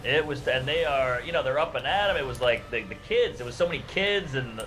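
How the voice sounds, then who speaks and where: Bright, animated comedian telling road stories. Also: male voice, mid-range voice, brisk, a little hiss or hum, rough recording. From New Orleans. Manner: animated profane storytelling. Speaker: stand-up comedian. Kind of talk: podcast banter.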